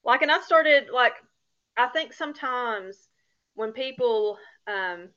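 A woman's voice: fairly high pitch, lively intonation, takes it slowly, pushed and bright, lo-fi sound. A woman from Appalachia in the United States, a guest on a podcast, chatting casually and laughing often at herself. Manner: laughs often, self-deprecating.

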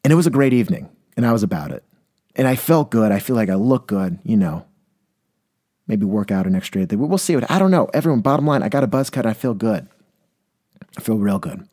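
A man's voice: on the low side, animated, a little fast, warm tone. A young man hosting a casual solo podcast, rambling and self-deprecating, a little congested from a cold. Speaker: podcast host.

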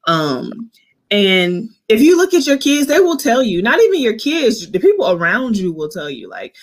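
A woman in her thirties hosting a casual faith podcast, speaking in an earnest, animated, preachy way while eight months pregnant. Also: on the high side, moderate pace. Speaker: podcast host. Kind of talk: casual Christian podcast chat.

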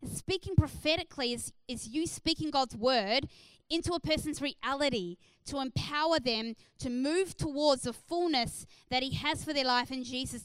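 A woman's voice: sits high, dry recording, poor audio. A woman preaching a sermon in an earnest, encouraging way, with frequent "uh" fillers.

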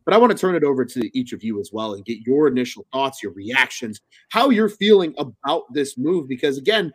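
A man hosting a live sports podcast, chatting with energy and telling stories in an animated way. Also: medium pitch, a little fast, slightly rough. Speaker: podcast host.

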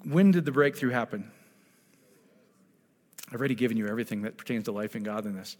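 A man preaching a sermon, emphatic and full of rhetorical questions, moving between loud exhortation and quiet, intimate asides. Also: lowish voice, fast talker. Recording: long hall reverb.

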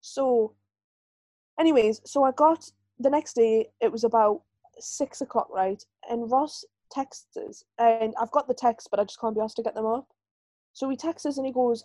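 A woman's voice: a little high, moderate pace, warm tone, no room sound, poor audio. Chatty woman, rambling. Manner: rambling, candid storyteller full of "like" fillers. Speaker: podcast co-host. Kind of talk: casual chat.

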